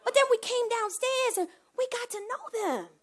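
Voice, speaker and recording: A woman performing a comic one-woman stage monologue, animated, swinging from hushed asides to loud bursts. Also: extremely high pitch, normal speed.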